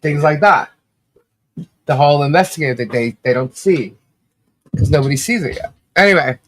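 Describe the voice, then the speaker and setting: A woman co-hosting a casual livestream chat, rambling and laughing often, with a slight cough and a rough throat. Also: deep voice, animated, normal speed, slight background noise. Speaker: livestream co-host.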